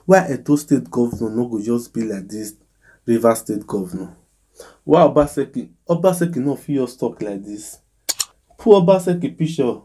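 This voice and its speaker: A man's voice: mid-range voice, warm tone, slight background noise. A man with a Nigerian accent hosting a mock news show, giving casual, exasperated commentary full of rhetorical questions. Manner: exasperated, rhetorical, emphatic ranting.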